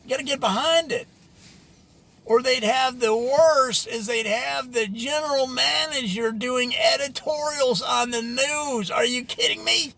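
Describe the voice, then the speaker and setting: A man in an animated, jokey, exasperated ranting monologue about local media. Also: extremely high pitch, a little slow. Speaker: media commentator.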